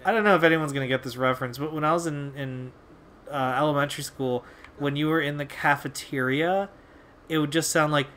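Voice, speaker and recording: A man's voice: fairly high pitch, fairly even intonation, fairly quick, a bit bright, a little hiss or hum. A young man hosting a video, telling a casual story in a rambling, laid-back way with lots of fillers and swearing. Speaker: video host.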